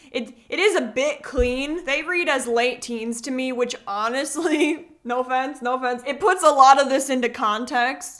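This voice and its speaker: A woman hosting reaction commentary, sarcastic and animated, quick to laugh at her own points. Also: high voice. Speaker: commentary host.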